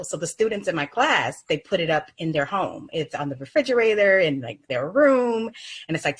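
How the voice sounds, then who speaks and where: Woman teacher, very low pitch, husky, calm soft-spoken explaining. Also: fairly quick, poor audio. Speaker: first grade teacher, guest. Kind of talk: casual interview advice.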